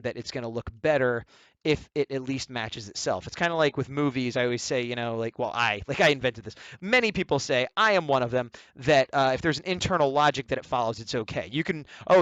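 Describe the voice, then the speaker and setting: A man chatting through a drawing session in a loose, rambling way, often drifting into self-mocking jokes. His voice sits at an ordinary middle pitch. The sound is dry and close, with no room echo. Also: fairly bright tone. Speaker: artist teaching drawing. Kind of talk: casual commentary while sketching.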